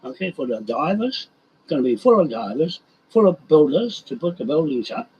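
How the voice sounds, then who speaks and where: A man rambles through a loose monologue, his fairly high voice swinging widely up and down. He turns heated quickly and breaks off to talk to his animals, with a faint hiss of background noise behind him. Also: big pitch swings, a little mellow, highs cut off.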